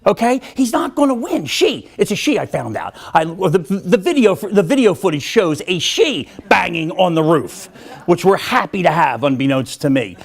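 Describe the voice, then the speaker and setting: Animated man telling a funny story. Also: high-pitched, moderate pace, vocal fry, breathy edge. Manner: animated, acts out voices, self-mocking humor. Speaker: motivational speaker. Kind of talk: storytelling keynote speech.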